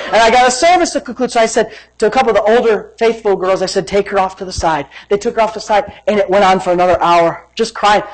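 Man preaching, high-pitched voice, animated storytelling, laughs and shouts for emphasis. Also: quick pace, hardly any pauses, rough recording. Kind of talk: sermon.

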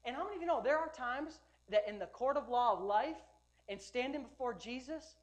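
Preaching as a pastor, a man with a very high-pitched voice delivers an emphatic, animated, brisk sermon. He swings from loud urging to quiet storytelling, frequently repeating words and restarting sentences.

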